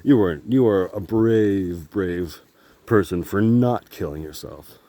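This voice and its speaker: A man's voice: low voice, a little slow, mellow. A man vlogging on his phone while walking outdoors, talking in a meandering, candid way, laughing often and swearing casually. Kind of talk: rambling walk-and-talk vlog. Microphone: phone held while walking.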